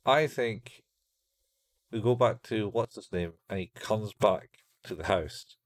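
Low-voiced man recapping an anime. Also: takes it slowly, no room sound. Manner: rambling, acts out quotes in raised voices. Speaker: podcast co-host. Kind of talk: casual chat recapping an anime.

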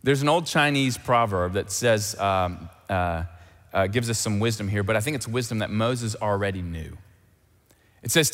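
A man preaching a sermon as pastor, animated and emphatic, repeating key phrases. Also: lowish voice, normal speed, big-room sound.

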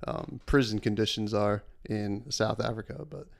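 A man's voice: fairly low pitch, normal speed, creaky. A man co-hosting a podcast in casual chat, rambling with many fillers and hesitations. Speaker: podcast co-host.

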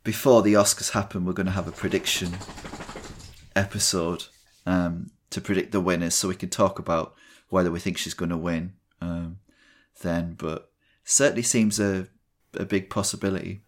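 A man co-hosting a film podcast, speaking in measured, hedging casual chat. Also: sits low, fairly even intonation. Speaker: podcast co-host.

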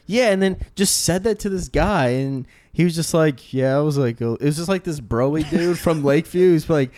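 A man's voice: on the high side, normal speed, darkish tone, dry recording. A young man chatting casually, rambling through stories and filling his speech with likes. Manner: rambling storyteller, lots of "like". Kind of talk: casual chat.

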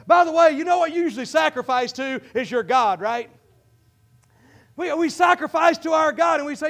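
A pastor with a Midwestern American accent preaching a fervent sermon, often breaking into shouts and calling out to his congregation. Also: very high voice, moderate pace.

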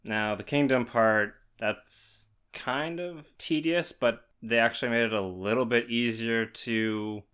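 A man's voice: mid-range voice, measured pace, hardly any pauses, fairly bright tone, clear, resonant tone. A man co-hosting a podcast in casual chat, laid-back as he explains things. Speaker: podcast co-host.

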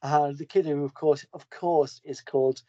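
Mellow man recapping a comic casually. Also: fairly high pitch, fairly even intonation, normal speed, dry recording. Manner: enthusiastic, rambling, with frequent restarts. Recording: dull lo-fi podcast audio.

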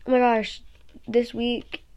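There's slight background noise as a weary teenage vlogger chats at home into her phone app, rambling in run-on thoughts laced with "like" and "um." Her pitch is fairly high but barely moves, her tone is darkish, and she speaks slowly.

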